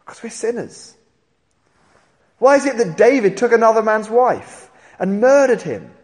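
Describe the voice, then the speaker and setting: A man preaching a sermon, telling the story in an animated way and acting out the voices of the people in it. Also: high-pitched, moderate pace. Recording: long hall reverb.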